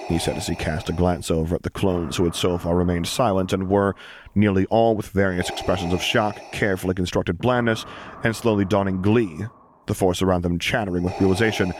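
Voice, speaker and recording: A man's voice: low voice, steady tone, brisk, noisy background. A man narrating a story as an audiobook reader, giving dialogue a lifted, stern delivery. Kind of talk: scripted narration of fan fiction.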